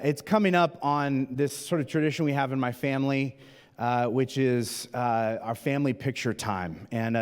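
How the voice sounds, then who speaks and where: A man's voice: medium pitch, a little mellow, clean tone. A middle-aged man preaching a sermon, telling a funny family story in a chatty, self-deprecating way with plenty of filler words. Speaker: pastor. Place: church auditorium. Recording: long church hall reverb.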